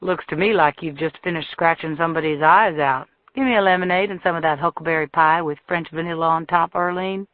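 A woman's voice: deep voice, brisk, few pauses, dry recording, close to an everyday voice. Brief: woman narrator playing an easygoing, wry man, thin dry recording. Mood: teasing. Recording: thin phone-like dry sound.

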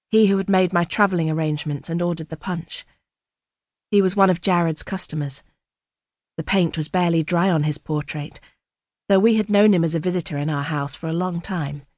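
A woman narrating an audiobook in the first person, in a measured, quietly dramatic reading on a close studio mic. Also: lowish voice, no echo. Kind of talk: scripted narration.

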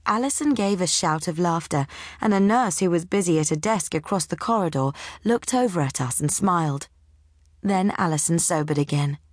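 A woman reading a novel aloud in the first person, with wry, measured storytelling. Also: fairly low pitch, lively intonation, no room sound, clean studio sound. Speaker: audiobook narrator.

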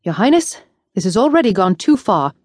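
A woman's voice: mid-range voice, very animated, a little fast, no echo. Woman voicing an indignant young nobleman. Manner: forceful, urgent, raised voice.

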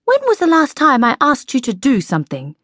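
A grown-up mother koala speaks with firm, motherly authority, as a woman narrator plays her. Her pitch moves about lively while she takes her time. The sound is dry. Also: measured pace, no echo. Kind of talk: audiobook character voice.

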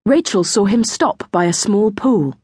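A woman narrating a children's audiobook in a gentle storytelling manner. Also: mid-range voice, measured pace, slightly rough, dry recording, studio quality. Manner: gentle storytelling, lively intonation. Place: recording studio. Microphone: close studio mic.

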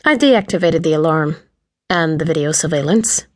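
A woman's voice: deep voice, animated, normal speed, a little mellow, no echo, studio quality. A woman voicing a sardonic male intruder who taunts in a mock cheery tone.

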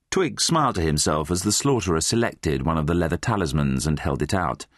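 A man's voice: a bass voice, brisk, hardly any pauses, no echo, studio quality. A man narrating a children's fantasy audiobook, reading expressively. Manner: expressive, voices many characters. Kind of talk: scripted storybook narration.

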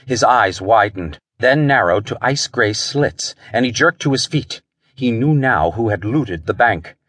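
A man's voice: mid-range voice, animated, measured pace, a bit bright, slightly rough, dry recording. A man narrating a pulp thriller audiobook in a dramatic storytelling style.

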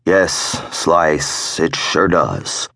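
A man's voice: rumbling low, very slow, gravelly, pushed and bright, no echo, clean studio sound, exaggerated voice. A man voicing a nervous young male biker club prospect in an audiobook, answering apologetically and hesitantly. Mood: apologetic.

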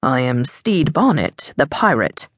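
A woman voicing a dashing, dangerous and cynical male aristocrat in an audiobook, speaking low and dry. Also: very animated, unhurried, no room sound, heavily acted.

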